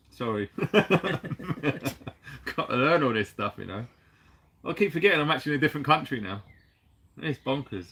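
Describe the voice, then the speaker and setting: A man's voice: mid-range voice, animated, a little slow, pauses often, fairly bright tone. Jokey British man hosting a livestream. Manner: jokey, chatty, laughs often, casual British slang. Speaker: livestream host. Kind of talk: casual livestream chat.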